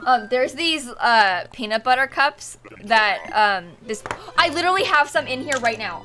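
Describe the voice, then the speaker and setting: Bright-voiced young woman streamer. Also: a little high, animated, moderate pace, soft background music. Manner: chatty, giggly, pleading and exclaiming at the game. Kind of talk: casual live-stream chat while gaming.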